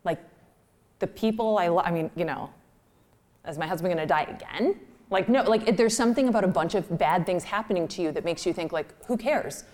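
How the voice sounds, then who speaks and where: Woman writer telling stories, chatty and self-deprecating, somewhat low voice. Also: fairly quick, a little mellow. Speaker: writer giving a talk. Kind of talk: personal storytelling talk.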